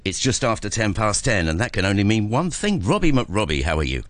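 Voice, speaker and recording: A man hosting a radio show, chatting in a relaxed, jokey way. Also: lowish voice, a little fast, dry recording. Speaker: radio host. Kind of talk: casual radio chat.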